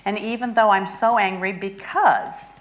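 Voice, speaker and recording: A woman's voice: mid-range voice, steady tone, measured pace, rough recording. A woman guest expert explaining and demonstrating a therapy toy, earnest and hands-on. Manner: earnest, demonstrates by acting out feelings. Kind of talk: instructional demonstration.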